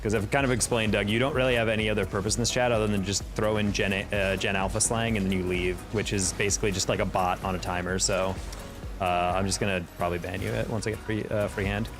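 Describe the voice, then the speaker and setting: Speaking fast in a steady tone from the lower end of his range, a young man livestreams a game and answers chat. He's chatty, tells stories and laughs often, with faint music in the background.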